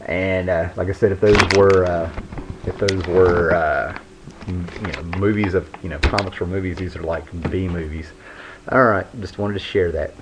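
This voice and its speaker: A man's voice: low-pitched, fairly even intonation, moderate pace. A man casually showing and reviewing old comic books, rambling with lots of fillers and restarts. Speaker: comic book video host. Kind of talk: casual show-and-tell review. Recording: dull lo-fi home recording with faint background hiss.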